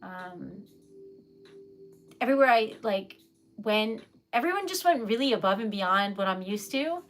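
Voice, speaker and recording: A woman's voice: mid-range voice, big pitch swings, a little slow, long pauses, soft background music. A young woman from New England chatting casually with live viewers, emotional and giggly, rambling with lots of fillers. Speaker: livestream host, poet.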